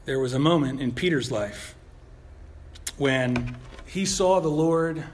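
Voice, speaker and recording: A man preaching a sermon in an animated, conversational way, often checking in with a rhetorical "right?" and slipping in self-deprecating humor. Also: mid-range voice, takes it slowly, a little hiss or hum. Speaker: pastor.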